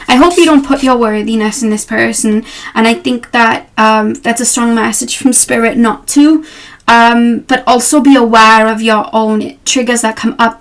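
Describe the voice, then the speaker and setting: A young woman with a slightly high voice talks through a tarot reading in a relaxed, unscripted way. She sounds gentle and reassuring, and fills her pauses with ums and you-knows. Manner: gentle, reassuring, with many fillers. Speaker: tarot reader. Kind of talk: casual tarot reading to camera.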